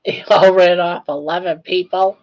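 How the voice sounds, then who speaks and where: A woman's voice: lowish voice, fairly even intonation, normal speed, a little mellow. An older woman hosting a casual live stream, cooing baby talk to her dog between chatting. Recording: dull lo-fi stream audio.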